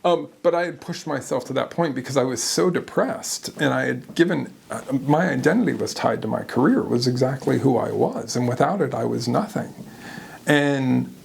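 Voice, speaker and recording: A man speaking as an interview guest, candid and animated, often laughing at himself as he tells his own story. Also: mid-range voice, normal speed, vocal fry, a little hiss or hum.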